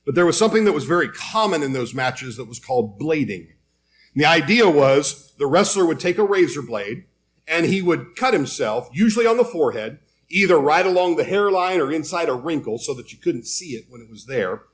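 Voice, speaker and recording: A man's voice: on the high side, big pitch swings, brisk. A man preaching a sermon, telling a Bible story in a conversational way and reading scripture aloud.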